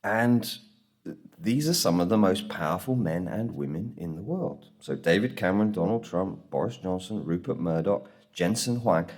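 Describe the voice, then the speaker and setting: Deep-voiced man giving a conference talk. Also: normal speed, husky, soft background music. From England. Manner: animated storytelling, acts out quoted voices. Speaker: conference speaker. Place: conference room.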